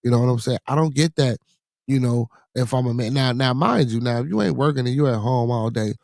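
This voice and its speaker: A middle-aged man rambles through a casual podcast monologue, swearing freely and leaning on repeated fillers. His voice sits at an ordinary pitch for a man. The recording is dry, with no room sound around him. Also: fairly quick, vocal fry, darkish tone, no echo. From Chicago, USA. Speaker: podcast host.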